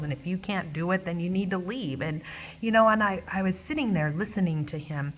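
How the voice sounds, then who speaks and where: Woman vlogger with a slightly low voice, telling a story casually, emotional and animated. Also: a little hiss or hum. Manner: animated, acts out quoted voices, swears; emotional, near tears at times.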